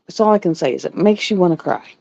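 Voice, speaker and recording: A woman's voice: lowish voice, fast, vocal fry, darkish tone, no echo. Lady chatting at home, repeats herself, dull dry mic sound. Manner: rambling, repeats words. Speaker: live streamer. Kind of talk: casual chat. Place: home with pets.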